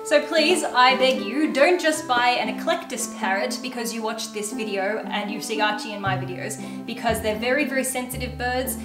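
A woman who keeps parrots and makes YouTube videos hosts a casual Q&A at home, speaking earnestly and with emphasis. Her voice is a little high, at a normal speed with few pauses. The room echoes and music plays in the background.

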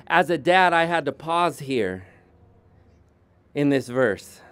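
A man preaching a sermon as pastor, slow and deliberate, often restarting his sentences. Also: on the high side, expressive, fairly bright tone, clear, resonant tone, no echo.

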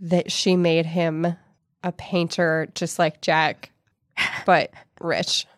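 A woman's voice: fairly low pitch, little pitch movement, slow pace, no room sound. A woman co-hosting a comedy book podcast, dropping dry quips and short interjections. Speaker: podcast co-host. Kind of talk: casual comedic book chat.

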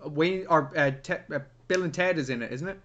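A man co-hosting a casual film review podcast, animated and quick to act out scenes in mock voices. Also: fairly high pitch, lo-fi sound, a crowd in the background. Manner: animated, acts out lines in mock voices, sweary banter. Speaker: podcast co-host.

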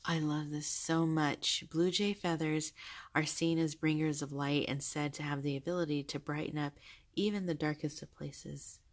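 Woman, deep-toned, casual vlog chat, gushing, soft-spoken, camera held close. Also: steady tone, moderate pace. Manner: gushing, soft-spoken, with frequent fillers and laughs. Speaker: vlogger showing a journal. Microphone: handheld camera held close.

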